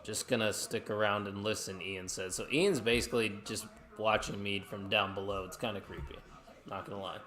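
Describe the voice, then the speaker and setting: A man's voice: lowish voice, fairly even intonation, moderate pace, a bit bright. A man co-hosting a live watch-along stream, chatting casually and reacting to the action while reading viewer comments.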